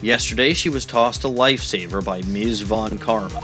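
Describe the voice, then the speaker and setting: A man voicing a cool, composed male prosecutor who lectures calmly. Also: fairly low pitch, normal speed, over music, natural voice. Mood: cool, lecturing.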